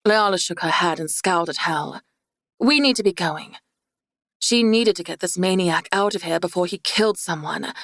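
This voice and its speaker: A fantasy audiobook is read by a woman with a fairly low pitch, her storytelling measured and even. The recording is dry, with clean studio sound.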